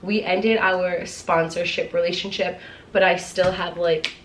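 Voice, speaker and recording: A chatty woman vlogger with a lowish voice talks casually to her viewers, gushing with enthusiasm. She fills her sentences with "like" as she goes. A faint hiss of noise sits behind her. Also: steady tone, a little slow, rough recording. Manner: chatty, peppered with "like"; upbeat and gushing. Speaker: lifestyle vlogger. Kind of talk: casual chat to camera.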